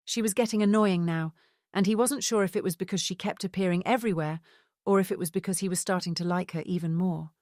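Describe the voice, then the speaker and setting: A woman narrating an audiobook in a steady, even scripted reading. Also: lowish voice, a little fast, no room sound, clean studio sound.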